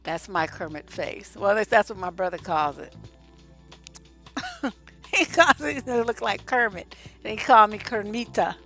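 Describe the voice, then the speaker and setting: A middle-aged woman from Oakland, a relationship coach and host, giving blunt, animated advice to her viewers and laughing often. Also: mid-range voice, a little slow, pauses often, faint music behind. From Oakland, California. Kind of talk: casual advice talk to viewers.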